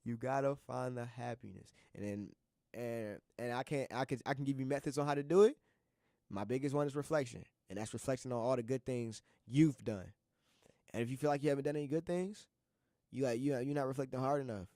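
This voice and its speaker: A young college student hosting a radio show, talking casually and earnestly, rambling and repeating himself with slang. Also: male voice, medium pitch, brisk, dark tone, no room sound, studio quality. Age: young adult. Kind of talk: casual motivational monologue.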